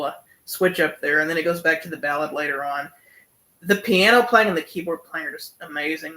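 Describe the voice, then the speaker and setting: Excited young man with a high voice. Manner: enthusiastic, many fillers, hums and sings along. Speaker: music reviewer. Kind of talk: casual album review.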